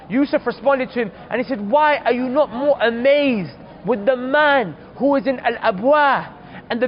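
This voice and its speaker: A man's voice: very high-pitched, lo-fi sound. A man preaching, telling a story earnestly and calling his listeners brothers. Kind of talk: storytelling sermon.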